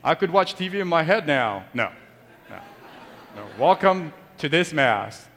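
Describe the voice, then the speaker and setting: Priest guy giving a homily, kinda high voice, chatty and jokey, big echoey church. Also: sing-song, measured pace, a bit bright, slight background noise. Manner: conversational, joking with the congregation. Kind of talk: sermon. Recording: long church reverb.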